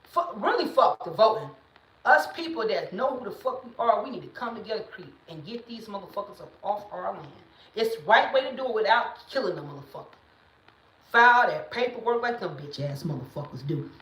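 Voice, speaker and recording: A woman's voice: medium pitch, lively intonation, fairly quick. Blunt, emphatic woman in an echoey room. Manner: blunt and emphatic, swings into loud preaching bursts. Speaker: livestream host. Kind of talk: casual livestream talk.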